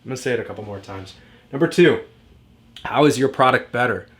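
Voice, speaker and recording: A man's voice: mid-range voice, fast, slightly rough. A man giving a direct-to-camera marketing lesson, emphatic and repetitive in a motivational way. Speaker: marketing coach.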